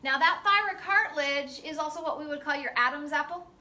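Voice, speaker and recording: A woman teaching a class in a relaxed, chatty way, full of fillers. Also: high voice, fairly quick. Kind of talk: classroom lecture. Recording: echoey classroom from far off.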